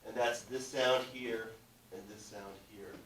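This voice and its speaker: A man's voice: mid-range voice, fairly even intonation, measured pace, a bit bright. Man teaching in an echoey classroom. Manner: explanatory, checks understanding often. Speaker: language teacher. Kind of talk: classroom lesson. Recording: roomy, distant, faint background noise.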